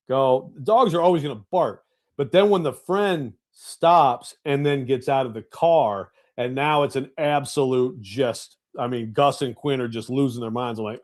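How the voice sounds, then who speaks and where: A middle-aged man co-hosting a radio show from home, telling a self-deprecating story with loud, animated outbursts. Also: mid-range voice. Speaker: radio co-host. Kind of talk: casual sports radio chat. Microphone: home setup on video call.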